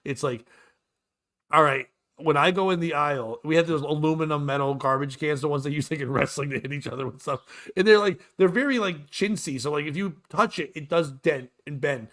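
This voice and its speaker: A man's voice: fairly high pitch, brisk. A man in his forties, a co-host telling stories in casual morning show chat and acting out scenes. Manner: animated storyteller, acts out scenes.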